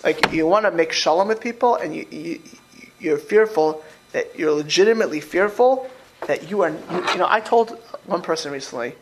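A male rabbi leading an informal class, his pitch leaping up and down as he talks. He often repeats himself and slips into little acted-out quotes, pressing his listeners with questions. There is a faint hiss behind him. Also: normal speed. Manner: animated, repeats words, acts out quoted speech.

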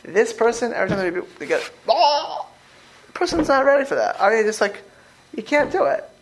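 A man's voice: very high-pitched, very animated, quick pace, poor audio. A man teaching a religious class as a rabbi, talking informally, repeating words and acting out quoted speech as he questions his listeners.

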